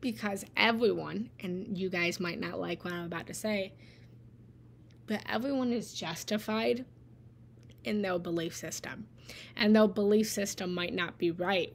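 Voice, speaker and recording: A woman's voice: on the low side, creaky, slight background noise. A woman meditation teacher giving an earnest, encouraging live-stream talk, repeating phrases for emphasis and slipping into whispered asides. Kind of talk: live-stream spiritual talk answering viewer comments.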